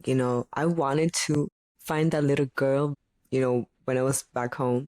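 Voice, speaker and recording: Woman podcast host from Greece, thirties, native Greek speaker; animated and opinionated; dry recording. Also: a bass voice, normal speed, no room sound. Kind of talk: solo podcast monologue.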